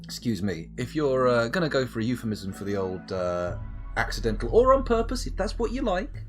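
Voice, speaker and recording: Playful man, lively voice. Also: mid-range voice, a little fast, faint music behind. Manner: playful, jokey, muttering asides. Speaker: game streamer. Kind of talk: live gameplay commentary.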